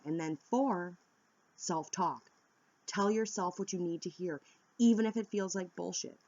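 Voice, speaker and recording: A woman's voice: lowish voice, a little mellow, dry recording, highs cut off. A woman wellness vlogger giving earnest, candid self-help advice to viewers. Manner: earnest, coaching, direct and candid. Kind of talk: instructional self-help talk.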